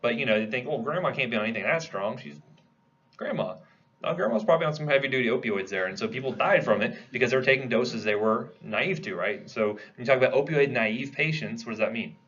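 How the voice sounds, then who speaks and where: A man's voice: medium pitch, animated, fast talker, hardly any pauses, fairly bright tone, dull audio. A man giving a classroom lecture in a conversational way, posing questions to the class and answering them himself. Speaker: pharmacology lecturer.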